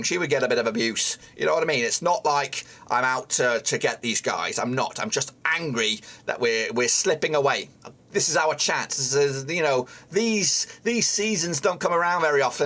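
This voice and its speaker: A man's voice: a little high, moderate pace, fairly bright tone. A man streaming a live football watchalong who is frustrated, swears often and talks at the players on screen. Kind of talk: live match watchalong commentary.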